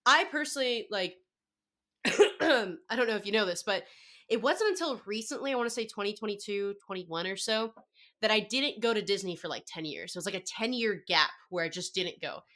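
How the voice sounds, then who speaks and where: A young woman telling a story in a casual podcast chat, excitable and acting out her own reactions. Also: mid-range voice, normal speed. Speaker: podcast guest.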